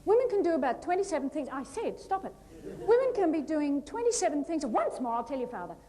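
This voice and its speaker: A woman giving a humorous keynote talk on stage, animated and playful, acting out little scenes. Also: high voice, a little fast. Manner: lively, animated, playful storytelling with acted-out asides. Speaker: motivational speaker. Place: large hall before a live audience.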